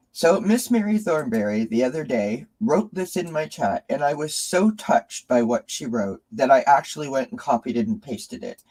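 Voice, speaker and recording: A man's voice: mid-range voice, expressive, normal speed, few pauses, darkish tone, poor audio. A man hosting a live tarot stream, emotionally thanking his viewers and reading their comments. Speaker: tarot reader and channel host.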